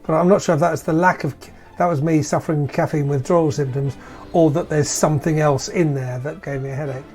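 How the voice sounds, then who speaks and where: A man's voice: fairly high pitch, steady tone, a little fast, darkish tone, soft background music. A British man telling rambling, self-mocking anecdotes in a casual chat among players.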